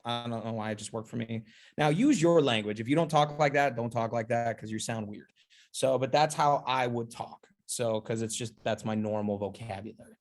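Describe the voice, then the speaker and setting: A man's voice: medium pitch, normal speed. A man giving a casual, upbeat sales training demonstration, chatty and playful, often checking in with his listeners. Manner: chatty, keeps asking "okay?" and "right?".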